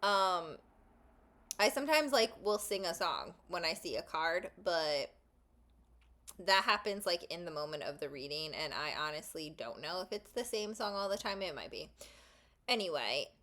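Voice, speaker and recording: A woman's voice: fairly low pitch, lively intonation, normal speed, fairly bright tone. A woman hosting a casual tarot vlog, talking in a rambling, chatty way with asides about herself. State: just ate lunch, burpy. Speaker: tarot channel host.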